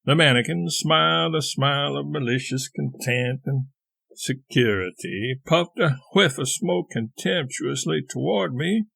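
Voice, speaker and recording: A man reading a classic short story aloud as an audiobook narrator, with a measured, even delivery. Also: a little high, gravelly, husky, no echo. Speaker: audiobook reader.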